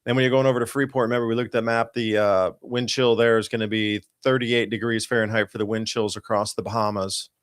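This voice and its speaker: A man's voice: lowish voice, little pitch movement, quick pace, hardly any pauses. A man hosting a live podcast, talking the audience through weather charts in an urgent, emphatic, loosely rambling way. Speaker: podcast host. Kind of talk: live-show commentary over weather charts.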